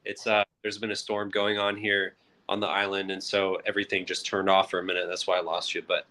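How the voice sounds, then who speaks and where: A man joins a live interview over his phone as the author guest. He tells his story earnestly and reflectively. His voice is low yet bright and forceful. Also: monotone, fairly quick.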